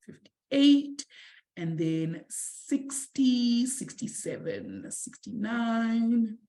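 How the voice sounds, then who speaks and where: A woman from South Africa teaching a live online maths lesson, encouraging her students warmly and calling them affectionate names. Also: on the high side, lively intonation, extremely slow, roomy sound. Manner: warm, encouraging, calls students "my sweetie".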